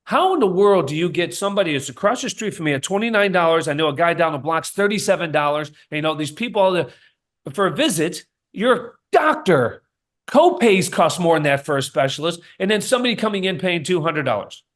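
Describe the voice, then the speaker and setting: Emphatic storytelling man, slightly high. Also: lively intonation, quick pace, fairly bright tone. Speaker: chiropractor, podcast guest. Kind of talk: casual podcast interview.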